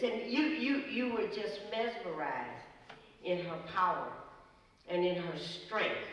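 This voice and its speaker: A woman's voice: medium pitch, slow pace. A woman speaks at a memorial gathering, mixing fond stories with anger and acting out the people she quotes. Her voice carries from far off in a large, echoey hall. A long reverb trails her words, with a faint hum of the room behind her. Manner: passionate storytelling, acts out quotes with lively shifts. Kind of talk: memorial tribute speech.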